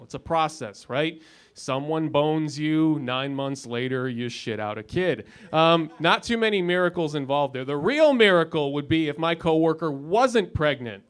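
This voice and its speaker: A man in his thirties doing stand-up with a dry, sardonic delivery. His voice sits a little high and sounds smooth and clear. His punchlines build as he pushes through the set. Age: 30s. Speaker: stand-up comedian. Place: comedy club lounge.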